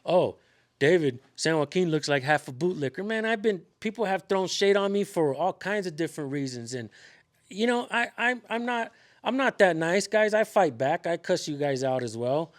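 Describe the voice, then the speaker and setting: Rambling man, slightly high voice. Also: lively intonation, normal speed. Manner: rambling, frequent fillers and restarts. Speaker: channel host, activist. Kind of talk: casual conversation.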